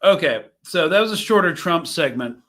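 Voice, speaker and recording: A man's voice: fairly high pitch, lively intonation, normal speed, fairly bright tone. A young man hosting a live show, commenting casually on news clips, rambling and thinking aloud with fillers and restarts. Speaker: host reacting to news clips.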